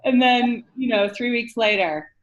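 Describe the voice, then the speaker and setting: Higher-pitched woman giving a lecture, lo-fi. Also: measured pace, noisy background. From northern United States. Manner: checks in with listeners, asking "right?" often. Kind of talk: conversational classroom lecture. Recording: dull lo-fi lecture recording.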